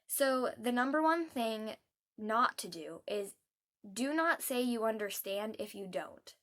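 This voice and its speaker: A young adult woman vlogging heartfelt advice, earnest and soft-spoken, pausing often with hesitant ums. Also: on the high side, expressive.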